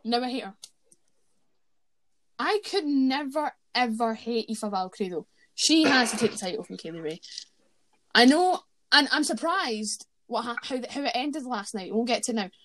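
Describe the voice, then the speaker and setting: A woman's voice: a little high, expressive, normal speed, fairly bright tone. Chatty opinionated woman podcast co-host. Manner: chatty, opinionated, rambling with self-corrections. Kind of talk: casual wrestling review chat.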